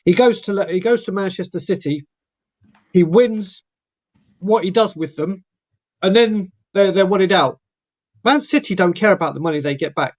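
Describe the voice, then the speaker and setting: A man's voice: high voice, moderate pace, pauses often. A man on a casual live-stream panel, delivering long, emphatic rants and acting out what others might say. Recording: dull, lo-fi sound.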